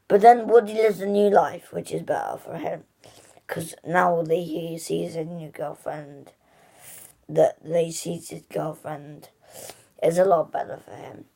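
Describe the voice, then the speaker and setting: A woman's voice: fairly low pitch, a little slow, creaky, mellow. A woman hosting a casual spoken movie review, gushing and rambling with lots of "like" and restarts.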